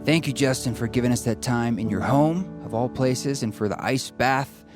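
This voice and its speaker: A man's voice: medium pitch, moderate pace. A man hosting a podcast and giving its outro in a casual, friendly promotional way. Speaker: podcast host. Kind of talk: outro announcement. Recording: voice over background guitar music.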